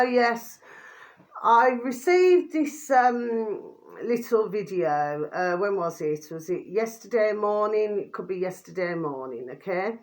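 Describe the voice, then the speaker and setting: Rambling woman. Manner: rambling, full of fillers and repeated tag questions; drops pet phrase "my delicious babies" in a quick low aside. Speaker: vlogger commenting on videos. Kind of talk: rambling casual commentary.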